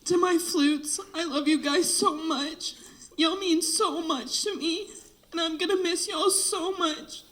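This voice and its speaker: Tearful high-voiced teenage girl. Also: fairly even intonation, slow pace, fairly bright tone, poor audio. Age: late teens. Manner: tearful, heartfelt, breaks off to apologize. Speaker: graduating senior flute player. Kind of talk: emotional farewell speech. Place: band room.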